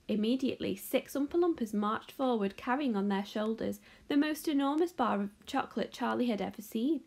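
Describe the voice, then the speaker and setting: A woman teacher reading a children's novel aloud in an expressive, animated way. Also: on the high side, brisk, creaky, hardly any pauses. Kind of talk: storybook read-aloud.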